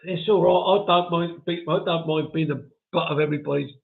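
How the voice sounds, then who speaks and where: Gravelly man chatting over tinny audio. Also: a little high, steady tone, brisk. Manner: chatty, chuckles often, self-mocking. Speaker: live stream host. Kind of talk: casual chat reading viewer comments.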